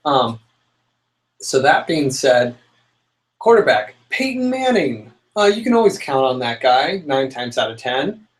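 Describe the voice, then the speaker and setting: Animated young man telling a story. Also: mid-range voice, unhurried, rough recording. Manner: animated storyteller, dramatic outbursts. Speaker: podcast co-host. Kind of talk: casual chat.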